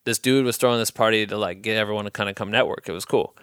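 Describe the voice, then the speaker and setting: A man's voice: on the low side, rapid-fire, clean tone, dry recording, clean studio sound. A young man from Iowa hosting a podcast, telling stories in a rambling, profane, casual way. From Iowa, USA. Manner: profane, rambling, loose and animated. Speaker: podcast host. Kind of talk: casual storytelling monologue.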